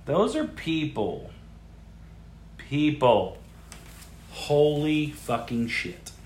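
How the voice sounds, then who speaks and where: A man's voice: a little high, drawn-out words, a little hiss or hum. A man hosting a podcast and riffing crudely on odd news stories, incredulous and swearing freely. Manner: crude, incredulous, animated outbursts. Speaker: podcast host. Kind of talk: profane comedic news riffing. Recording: roomy echo.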